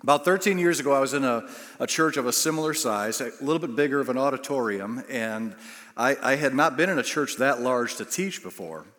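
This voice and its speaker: A man's voice: mid-range voice, animated, fairly quick, fairly bright tone. A middle-aged man preaching a sermon, telling self-deprecating stories and acting out the quotes. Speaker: pastor. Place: large church auditorium. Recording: long hall reverb.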